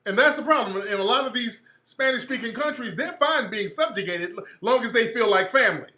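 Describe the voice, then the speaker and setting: A male radio host rants in a blunt, profane monologue, often restarting and repeating himself. His voice sits high and sounds bright and sharp. The room around him is echoey. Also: animated, fairly quick. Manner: acts out quoted people in mocking voices. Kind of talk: opinionated talk radio monologue.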